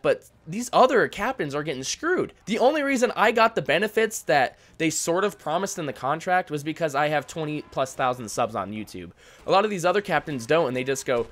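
A man's voice: fairly high pitch, expressive, a little fast, a bit bright. A young man hosting a casual Q&A vlog, venting in a rambling, profane way with many fillers. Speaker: YouTube airsoft channel host.

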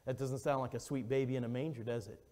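A man preaching a fervent revival sermon as an evangelist, swinging between loud, urgent exclamations and hushed, intimate storytelling. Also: medium pitch, fairly even intonation, fast talker. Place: church sanctuary. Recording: long church reverb.

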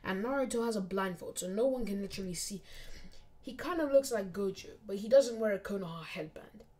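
A woman's voice: mid-range voice, brisk, warm tone. A young woman casually narrating a fan-made anime story, often dropping to a near whisper.

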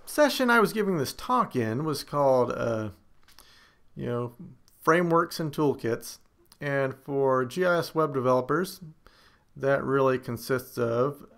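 A man's voice: mid-range voice, creaky, fairly bright tone. A man hosting a screencast, talking casually with wry, self-deprecating humor and emphatic asides. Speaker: screencast host.

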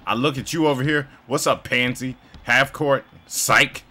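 A man's voice: medium pitch, fairly even intonation, a little slow, bright, forceful tone. A man doing a comic impression of a cocky male basketball star, with boastful trash talk. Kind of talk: comic impression while gaming.

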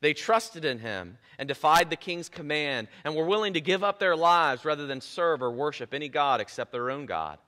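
A man preaching a sermon in a church, retelling a scripture story in a lively, playful way with casual asides. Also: a little high, normal speed, hardly any pauses. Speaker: pastor. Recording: echoey church hall.

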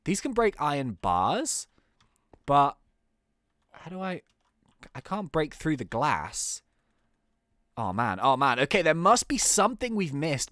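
A man hosting a game video, excitably playing and commenting, with frequent exclamations and laughs. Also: on the high side.

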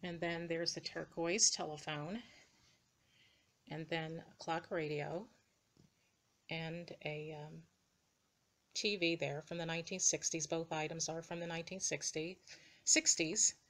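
Beside a dollhouse indoors, a woman presents its rooms with casual, hesitant narration laced with ums and uhs, captured on a hand-moved camera mic. She speaks unhurriedly in a low, steady, fairly bright voice, pausing often.

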